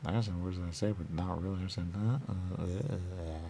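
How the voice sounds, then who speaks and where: Low gravelly man musing to himself. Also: steady tone, fast, mellow, a little hiss or hum. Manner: circular, repetitive musing with sudden whispers. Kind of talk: rambling self-dialogue, asking and answering himself.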